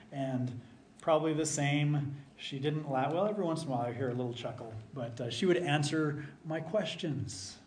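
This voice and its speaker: A man's voice: medium pitch, slight background noise. A middle-aged man preaching a conversational sermon, telling personal stories in an earnest, folksy way with self-deprecating asides. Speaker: pastor.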